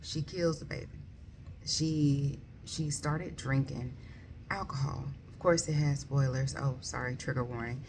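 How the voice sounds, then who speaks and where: Female book vlogger, very deep gravelly voice, loose rambling delivery. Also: steady tone, measured pace, a little mellow, slight background noise. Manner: rambling, many ums and likes, self-correcting. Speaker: book reviewer. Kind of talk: casual book review vlog.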